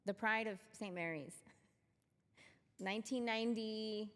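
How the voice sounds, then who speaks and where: A woman's voice: mid-range voice, measured pace, fairly bright tone. A woman hosting a casual interview, reacting often with exclamations. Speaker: podcast host.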